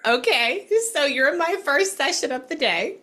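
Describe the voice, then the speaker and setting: A woman's voice: high-pitched, animated, normal speed, bright, forceful tone. A woman working as a psychic medium, talking a client through a reading in a chatty, rambling way over a video call. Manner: chatty, rambling, swears casually.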